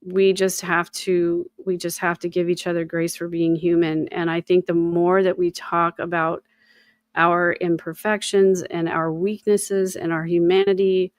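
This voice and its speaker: A woman's voice: fairly low pitch, level tone, unhurried, dry recording, studio quality. A woman hosting a casual livestream chat over a video call, talking in a reflective, encouraging way and often repeating her phrases. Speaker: host.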